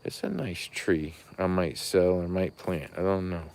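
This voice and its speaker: Low-voiced man touring his nursery. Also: unhurried, vocal fry, darkish tone, clean tone. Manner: rambling, chatty, folksy. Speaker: rare fruit tree grower and seller. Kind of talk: casual walking tour, talking to viewers. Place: outdoor plant nursery at night.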